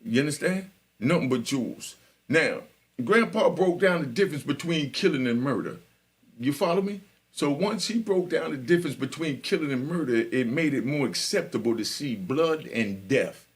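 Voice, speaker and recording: A man's voice: a little high, expressive, moderate pace. A man in his sixties from Jamaica, hosting a live stream and telling life stories in a conversational way, often checking that the listener is following. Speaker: channel host telling prison and life stories. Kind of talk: casual storytelling on a live stream.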